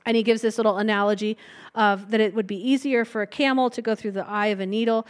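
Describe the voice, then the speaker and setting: A woman's voice: medium pitch, fairly even intonation, quick pace. A woman preaching a sermon in a conversational way, retelling a Bible story and breaking into light laughs between points.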